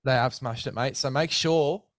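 A man's voice: medium pitch, normal speed, dry recording, clean studio sound. A young Australian man hosting a casual sports chat, saying "mate" often and hyping a sponsor. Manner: chatty, says "mate" a lot, hypes sponsor read. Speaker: podcast host.

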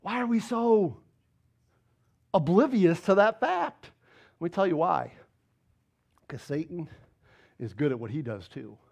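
A man preaching a sermon as pastor, firing rhetorical questions at the congregation and swinging between loud emphatic bursts and low quiet asides. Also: animated, measured pace, vocal fry, pauses often, husky.

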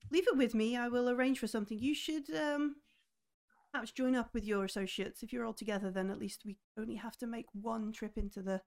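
A woman narrates as game master of a tabletop game, her voice sitting a little high. She talks hesitantly, pausing and filling gaps with ums as she voices characters. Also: steady tone, a little mellow. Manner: hesitant, many ums, acts out characters briefly.

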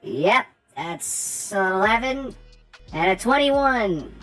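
A woman's voice: mid-range voice, expressive, very slow, fairly bright tone, faint music behind, rough recording. A woman playing a tabletop game, dry and wry. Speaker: player.

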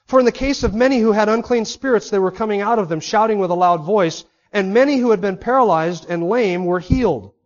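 A man's voice: high-pitched, fairly quick, few pauses. A man preaching an expository sermon, emphatic and full of rhetorical questions to his listeners. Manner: emphatic, asks the audience many rhetorical questions. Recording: dull lo-fi sermon recording.

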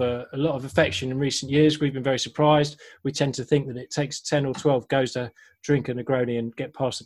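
A man co-hosting a casual online talk show about cocktails, chatty and jokey as he explains a drink's history. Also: medium pitch. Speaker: podcast co-host.

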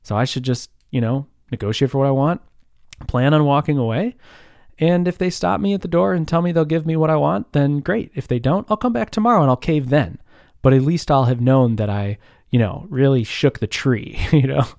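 A man in his thirties talks in a loose, rambling way, with lots of "like" and short laughs between thoughts. His voice sits at a middle pitch. The recording is dry and close, with no room sound. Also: brisk, gravelly, darkish tone, no room sound. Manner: rambling, laughs often, filler-heavy. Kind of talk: casual storytelling chat.

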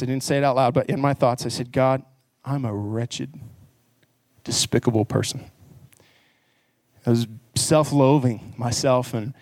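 A man's voice: mid-range voice, a little mellow, no echo, studio quality. A man preaching a sermon in church. He speaks earnestly and conversationally, and he rises into emphatic passages. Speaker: pastor.

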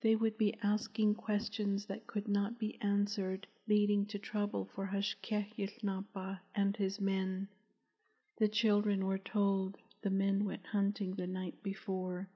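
A woman narrating a novel as an audiobook in a slow, measured, even reading. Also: medium pitch, husky. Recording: dull, echoey recording.

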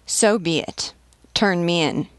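A woman voicing a haughty old male French nobleman on the run, speaking with grave calm. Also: fairly low pitch, takes it slowly, no room sound.

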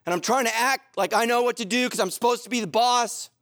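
A middle-aged man preaching a sermon, telling stories animatedly, moving between loud excitement and low, earnest intensity. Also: fast, dry recording, clean studio sound. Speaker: pastor.

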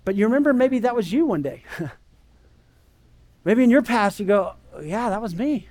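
Speaking at a moderate pace in a high, expressive voice with a darkish tone, the pastor preaches conversationally, often asking "right?" and impersonating the people he quotes.

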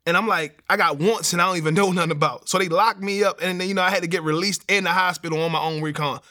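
A young man, telling his personal testimony in a streetwise, animated way with slang. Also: high voice, quick pace. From Baltimore. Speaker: testimony speaker.

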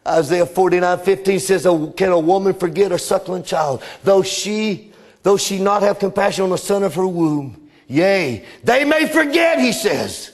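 A man preaching a sermon, his voice pitched high for a man. He tells his stories with fervor, rising to loud cries and then falling to near whispers. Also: lively intonation, moderate pace. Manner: impassioned storytelling preacher, swinging between loud cries and hushed drops.

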